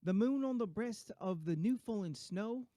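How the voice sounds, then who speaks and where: A man's voice: high-pitched, lively intonation, normal speed, mellow, dry recording, pitched above the performer's own voice. A man reading a Christmas poem aloud in a put-on New Zealand accent, breaking into jokey asides. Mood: playful. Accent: mock New Zealand.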